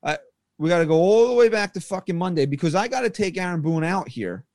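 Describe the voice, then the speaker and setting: Co-host, male, slightly high voice, blunt and profane, agitated arguing, dry mic. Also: very animated, fast, darkish tone, no room sound. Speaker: podcast co-host. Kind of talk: heated sports podcast rant.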